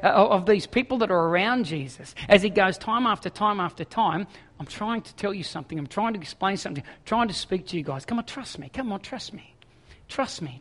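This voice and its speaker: High-voiced preacher in a reverberant hall. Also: male voice, a bit bright. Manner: reads scripture aloud, then paraphrases it in an urgent, conversational voice. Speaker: pastor. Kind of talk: sermon.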